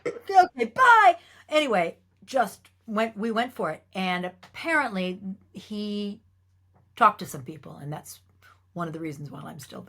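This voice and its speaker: A middle-aged actress, appearing as a guest, tells anecdotes with real liveliness in a lowish voice. She acts out the lines she quotes and laughs frequently.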